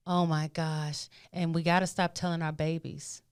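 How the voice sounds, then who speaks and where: Animated low-voiced woman, smooth tone. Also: moderate pace. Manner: animated, acts out inner voices, repeats phrases. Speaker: podcast guest, spiritual advisor. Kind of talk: casual podcast conversation.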